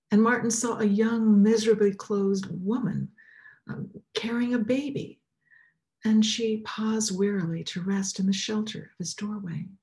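A woman preacher tells a story as part of a sermon, reading with expressive shading. Her voice sinks at times to a near whisper. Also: mid-range voice.

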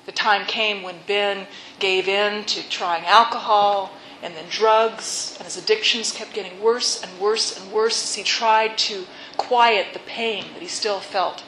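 A woman preacher tells a story in a sermon in a mid-range voice, earnest and often hushed. Her words echo around the room, with a faint hiss behind. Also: medium pitch. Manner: earnest, soft-spoken, drops to a hush. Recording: echoey room.

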